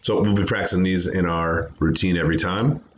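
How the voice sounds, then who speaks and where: A man's voice: low-pitched, fairly even intonation, a little fast, highs cut off, slight background noise. A man teaching a remote phonics lesson to children, patiently sounding out words and syllables. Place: home, away from classroom.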